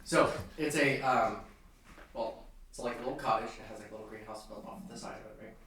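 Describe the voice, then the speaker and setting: A man's voice: medium pitch, brisk, fairly bright tone, very echoey, distant mic, slight background noise, poor audio. A man narrating as game master, hesitant and full of ums and restarts.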